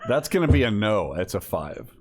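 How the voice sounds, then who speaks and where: A man's voice: fairly low pitch, big pitch swings, normal speed, slight background noise. A man playing a tabletop game, joking and bantering in character. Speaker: player.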